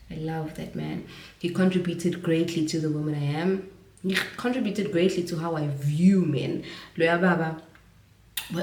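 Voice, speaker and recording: A woman's voice: lowish voice, darkish tone. A young South African woman vlogging casually, reflective and switching between English and Zulu phrases, a Zulu speaker. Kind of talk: casual talking to camera. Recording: roomy audio from a distance.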